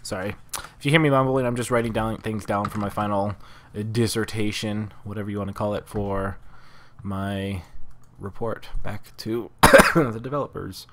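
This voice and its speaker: A man's voice: lowish voice, fairly even intonation, normal speed, a bit bright, a little hiss or hum. A young man on a headset mic chatting casually over a game with his team, rambling and breaking off mid-sentence. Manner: rambling, self-interrupting, trails off mid-sentence. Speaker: gamer recording gameplay. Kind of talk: casual gameplay commentary and voice chat.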